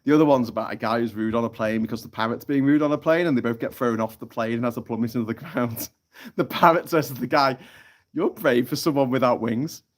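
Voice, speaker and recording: A man's voice: medium pitch, quick pace. Brief: male stream host, casual and sweary, chatty joke-teller, mid-range voice. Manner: chatty and sweary, telling jokes with lots of laughter. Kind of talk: casual live-stream chat reading out chat comments. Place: off-grid tropical island, from a hammock.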